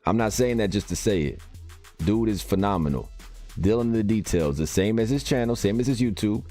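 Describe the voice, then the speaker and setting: A man's voice: lowish voice, animated, brisk, dark tone, soft background music. A man hosting a live game stream, chatting casually and reacting to viewer comments as he reads them aloud.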